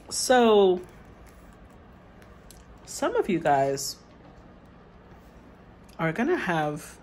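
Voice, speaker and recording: A woman's voice: fairly low pitch, darkish tone, a little hiss or hum, low-quality recording. A woman tarot reader who reads the card meanings aloud and then muses over them in a casual way.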